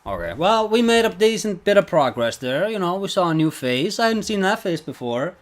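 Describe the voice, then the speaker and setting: A man's voice: high-pitched, sing-song, normal speed. A man streaming a video game, rambling casually to chat, swearing and laughing at himself as he plays. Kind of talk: casual gameplay commentary.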